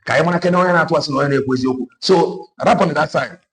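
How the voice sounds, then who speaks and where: Rapid-fire and fairly bright, this man's voice sits on the high side. He's an online political commentator with a Nigerian Igbo accent whose impassioned monologue moves between Igbo and English with forceful repetition.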